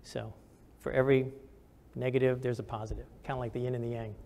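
A man's voice: mid-range voice, level tone, quick pace, vocal fry, warm tone. An older man, a retired general and physician, answering audience questions with candid stories and frequent fillers.

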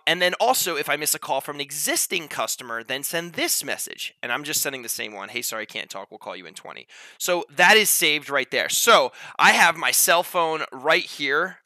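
A man's voice: on the high side, bright, forceful tone, dry recording. A man giving a casual, upbeat product demo, walking the viewer through each step with frequent check-ins. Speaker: company representative demoing software.

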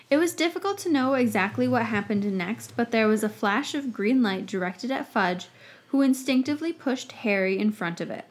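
A woman podcast host reading fan fiction aloud with expressive storytelling narration. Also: fairly high pitch, moderate pace.

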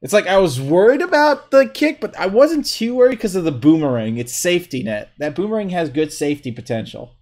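A young man livestreaming a fighting game, commenting excitedly, trash-talking opponents and whooping at big hits, with keyboard clicks behind him. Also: high voice, brisk, few pauses. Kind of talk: live gameplay commentary.

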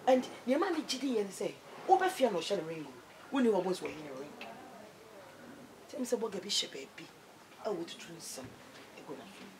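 A woman's voice: mid-range voice, very animated, brisk, pauses often, a little mellow. Ghanaian woman scolding in a noisy skit. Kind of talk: dramatized advice skit. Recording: noisy background.

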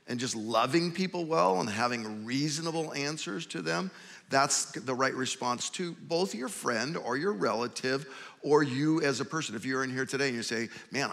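A man's voice: medium pitch, fairly bright tone. A man, a pastor, moderating a church conference panel and speaking earnestly to the audience. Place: large church hall. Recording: long hall reverb.

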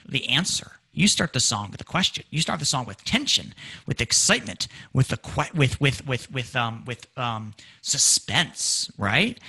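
An energetic man lectures on music before an audience and acts out lyrics in dramatic voices. His voice sits fairly high and swings widely in pitch. The tone is bright and forward. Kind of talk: public lecture. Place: community presentation room.

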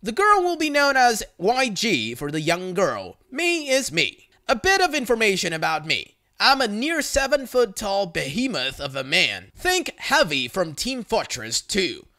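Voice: medium pitch, sing-song, normal speed, hardly any pauses, pushed and bright. A narrator reading online forum stories aloud in a plain storytelling manner.

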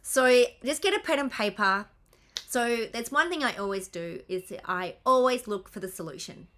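A woman's voice: on the high side, expressive, normal speed, fairly bright tone. A woman coach giving a casual, blunt and sweary presentation to her team over a video call. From Australia. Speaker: business coach and healer.

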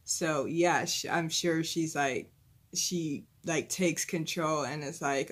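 A woman's voice: low-pitched, fairly even intonation, takes it slowly. Young female reaction vlogger, rambling and giggly, chatty fan energy. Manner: gushing, rambling, full of "like" and "you know"; fan talk about a singer, breaking into giggles. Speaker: reaction video host. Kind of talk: casual rambling reaction chat.

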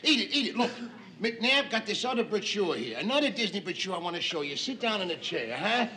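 An actor playing a pushy, exasperated middle-aged working-class husband. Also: male voice, high voice, very animated, fairly quick, background noise. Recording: 1970s sitcom audio with studio audience laughter.

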